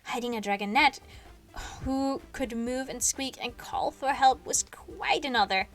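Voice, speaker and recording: A woman reading a novel aloud on a stream, sleepy and yawning, with expressive delivery and small slips she corrects. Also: on the high side, measured pace.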